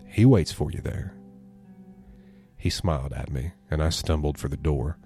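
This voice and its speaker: A man reading a horror story aloud as a podcast narrator, in a somber, measured way. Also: very deep voice, mellow.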